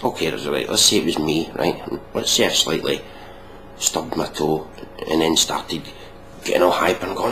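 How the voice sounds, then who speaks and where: Deep gravelly man, sarcastic rant. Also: fairly even intonation, moderate pace, pushed and bright, slight background noise, rough recording. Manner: mocking, ranting, swears often. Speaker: video reaction commentator. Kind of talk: sarcastic reaction commentary.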